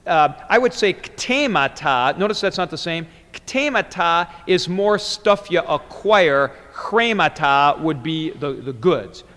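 A man's voice: on the high side, lively intonation, slow pace, few pauses, a bit bright. A man teaching Greek grammar in a classroom lecture, explaining step by step and wandering into asides. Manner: digressive and explanatory, with frequent fillers and restarts. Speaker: Greek New Testament teacher. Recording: long reverberant hall.

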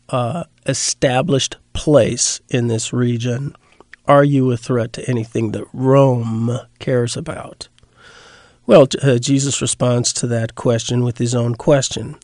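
A man lecturing slowly and haltingly, full of fillers and restarts, and leaning hard on the Greek words. His voice has a gravelly edge, and the recording is dry and close. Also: medium pitch, a little mellow, no echo. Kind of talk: unscripted lecture.

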